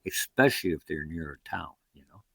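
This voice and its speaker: With an extremely low voice full of vocal fry, an American man who canoes long distances spins rambling anecdotes in an interview, a little fast, voicing the people in them. No echo is present.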